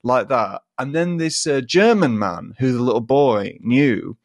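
A man with an animated, up-and-down voice tells a funny story in relaxed podcast chat. He laughs often and acts out the people in it. The sound is close and dry. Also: mid-range voice, measured pace, no room sound. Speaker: podcast co-host.

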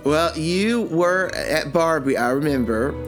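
An older man co-hosting a podcast, telling stories in a rambling, animated way with many restarts. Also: on the high side, slow pace, faint music behind. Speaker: podcast co-host. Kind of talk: casual chat.

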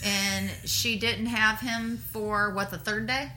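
Bright-voiced middle-aged woman chatting. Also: mid-range voice, level tone, a little hiss or hum, low-quality recording. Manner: chatty, teasing, quick to laugh. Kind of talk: casual chat.

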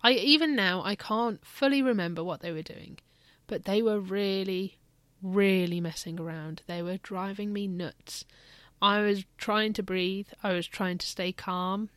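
A woman's voice: mid-range voice, measured pace, dry recording. A woman and mother telling a candid, reflective personal story in a casual parenting vlog.

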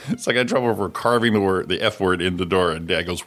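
A middle-aged man co-hosting a casual morning show, telling stories with lots of laughter and loud mimicry. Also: mid-range voice, fast. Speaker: co-host.

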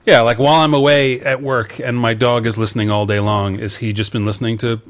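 A man's voice: medium pitch, level tone, a little fast. A man born in England co-hosting a podcast, chatty and joking as he reads listener letters aloud. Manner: chatty, joking, laughs while reading. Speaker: podcast co-host. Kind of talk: casual chat, reading listener letters.

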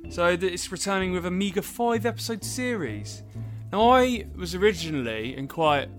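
A man hosting a podcast, chatting casually in a wry, dry way. His voice sits a bit higher than most men's, with faint music underneath. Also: lively intonation, moderate pace. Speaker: podcast host reading news. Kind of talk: casual chat.

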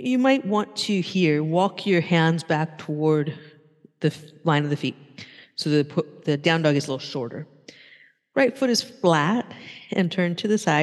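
Slow, calm yoga instructor in a reverberant studio. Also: medium pitch. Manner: calm, steady breath-paced instructions. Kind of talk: live yoga class cueing. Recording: long reverb in a large room.

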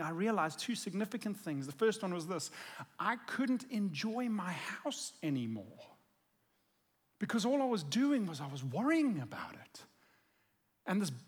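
A man's voice: high voice, breathy edge. A male pastor giving a conversational sermon, earnest and emphatic as he tells a personal story.

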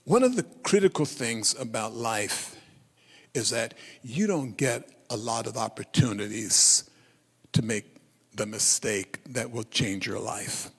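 A male pastor preaching a sermon, telling the story in a lively way and calling on the congregation to repeat phrases. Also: medium pitch, slow, slightly rough, long reverb tail.

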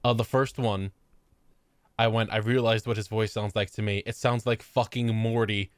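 A man co-hosting a casual podcast chat, animated and quick to put on silly high voices and laugh. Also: smooth, dry recording. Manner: animated, breaks into high-pitched impressions and laughter. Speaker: podcast co-host.

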